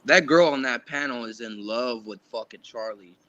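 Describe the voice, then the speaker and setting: Offhand man with a bright, dull-sounding voice. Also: medium pitch, normal speed, dry recording. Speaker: livestream guest. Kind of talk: casual livestream chat.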